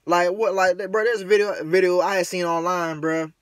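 A man's voice: high-pitched, steady tone, moderate pace, no echo, studio quality. A man ranting casually to camera, rambling and slangy with many fillers, frustrated and preachy. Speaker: vlogger.

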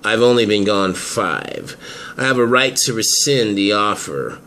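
A smug, menacing schemer, played by a man in a home-made audio drama. He drawls slowly with a bright, lively voice and keeps chuckling between lines. A faint hum of room noise sits behind him. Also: fairly low pitch, exaggerated voice. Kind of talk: hobby audio drama acting.

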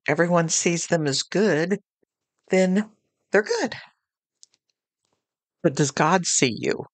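Woman, devotional podcast host, slow and deliberate delivery, earnest and chatty, dry close sound. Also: deep voice, dry recording. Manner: earnest, conversational, with homely anecdotes.

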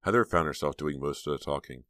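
A man narrating an audiobook in a steady, measured reading. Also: extremely low pitch, no room sound, studio quality. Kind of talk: scripted narration.

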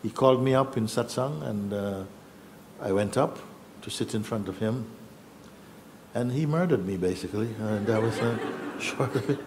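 Low-voiced man telling a personal story. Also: background noise. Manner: reflective, halting, acts out what others said. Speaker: spiritual teacher.

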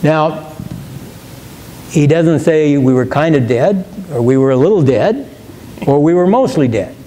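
A man teaching as a pastor in a church, earnest and emphatic, slowing down to stress key words and often restarting his phrases. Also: fairly high pitch, expressive, warm tone, slight background noise. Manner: repeats and restarts words while thinking. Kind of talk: question-and-answer teaching.

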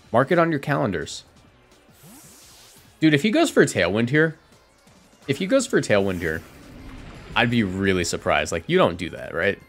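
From his home streaming setup, a man with a fairly low voice gives casual, chatty commentary on his own competitive matches, often correcting himself and reacting out loud.

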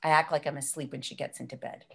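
A woman performing a solo comedy piece, narrating her own story with animated delivery. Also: low-pitched, quick pace, vocal fry, husky. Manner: animated, swinging from storytelling to shouting.

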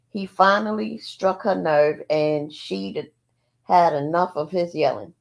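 A woman reading a novel aloud in an unhurried storytelling manner, with small asides. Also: fairly low pitch, vocal fry, darkish tone. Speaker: audiobook reader.

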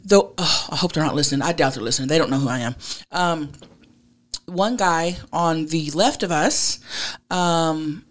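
A woman co-hosting a podcast, telling stories in a lively, animated way with casual swearing and plenty of "dude". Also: deep voice, moderate pace. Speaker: podcast co-host. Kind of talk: casual chat.

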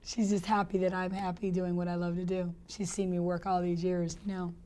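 A woman actress in a casual interview, telling stories in a chatty, animated way and laughing often. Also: on the low side, fairly quick.

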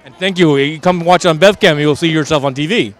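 A man's voice: a little high, quick pace, fairly bright tone. A man interviewing costumed children at an outdoor Halloween parade, cheerful and coaxing, joking as a mock vampire count. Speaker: community TV street interviewer.

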